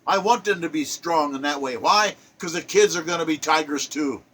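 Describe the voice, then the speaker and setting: A man's voice: on the high side, moderate pace, a bit bright. An older man delivering a preachy, exhortative spoken monologue, driving his points home by repeating them. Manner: exhortative, preacherly, repetitive emphatic phrasing. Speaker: self-published poet giving a monologue.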